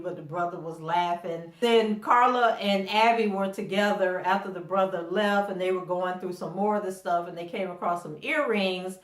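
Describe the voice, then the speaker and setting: A woman's voice: lowish voice, moderate pace, few pauses, reverberant. A middle-aged woman hosting a casual TV episode recap. She is chatty, laughs often, and acts out quotes from the characters. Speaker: TV recap host.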